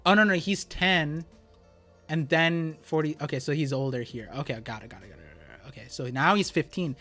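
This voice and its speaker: A young man streaming live, reading a comic chapter aloud and reacting with excited exclamations and stammers. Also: on the high side, a little fast, soft background music.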